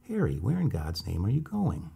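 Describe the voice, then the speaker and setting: A man voicing a bold young woman who talks in a loud, teasing way. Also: low voice, wildly swooping pitch, moderate pace, creaky, slightly rough, exaggerated voice.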